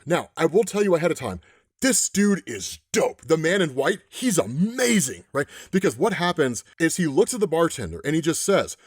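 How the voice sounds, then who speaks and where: Man, casual comic recap, animated and chatty, dry close mic. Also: a little high, moderate pace, breathy edge, no room sound. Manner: animated, chatty, says "right?" often. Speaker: comic book explainer.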